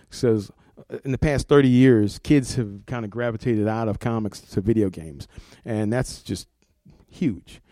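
A man's voice: fairly low pitch, mellow, dry recording. A middle-aged man, a comics art director, talking casually in an interview, rambling and repeating words, laughing often.

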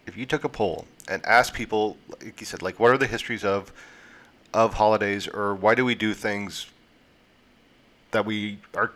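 A man in his forties talks in a slightly low voice during a relaxed discussion. He thinks aloud, trails off and restarts his sentences as he works his ideas out. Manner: thoughtful, rambling with restarts. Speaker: podcast co-host. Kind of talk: casual discussion.

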